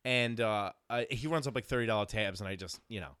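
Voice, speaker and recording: A man hosting a podcast in casual chat, animated, profane and quick to laugh. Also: fairly low pitch, smooth, dry recording, clean studio sound. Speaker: podcast host.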